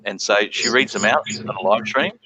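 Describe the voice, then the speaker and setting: A man's voice: lowish voice, fairly quick, a crowd in the background, rough recording. A man hosting a casual live-stream panel chat, telling profane stories and laughing as he talks. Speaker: panel host.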